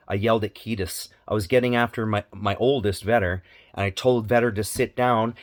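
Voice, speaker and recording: A man's voice: mid-range voice, fairly bright tone, no room sound, studio quality. A man talking candidly as a parenting vlogger, earnest, repeating phrases for emphasis. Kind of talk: candid personal monologue.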